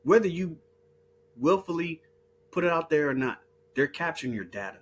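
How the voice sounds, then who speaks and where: A man's voice: fairly high pitch, sing-song, normal speed, slight background noise. Heated man ranting with stumbling restarts. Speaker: video host. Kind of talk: casual monologue.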